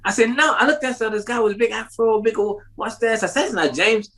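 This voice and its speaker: Speaking fairly quickly on poor audio, a man who is an interview guest tells a long, animated story. He laughs often and acts out the voices of the people in it with sharp jumps in pitch.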